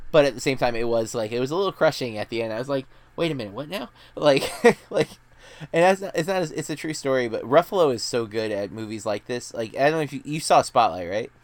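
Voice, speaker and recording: A man's voice: mid-range voice, quick pace, dry recording. Chatty man rambling through movie reviews. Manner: rambling, chatty, full of "like" and restarts. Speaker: movie review podcast host. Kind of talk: casual chat.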